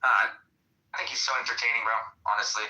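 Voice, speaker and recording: He is a man in his thirties with a very bright, sharp voice. He speaks bluntly and laughs as he jokes. The audio is echoey and distant, as if it comes through a call into a room. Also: mid-range voice, steady tone, fast. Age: 30s. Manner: blunt, laughing, says "bro" a lot. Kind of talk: casual banter.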